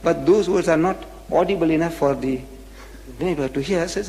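A man giving a religious lecture who reads scripture aloud and explains it, swinging from loud to hushed and repeating key phrases for emphasis. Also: brisk, creaky, long reverb tail, a little hiss or hum, rough recording. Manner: animated, swinging widely in pitch and loudness, dropping to a hush for emphasis; repeats key phrases to drive a point home.

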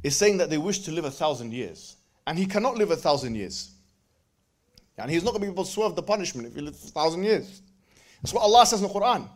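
A man giving a religious lecture with jokes, reciting scripture verses in quick bursts between his explanations. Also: fairly high pitch, expressive. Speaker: preacher.

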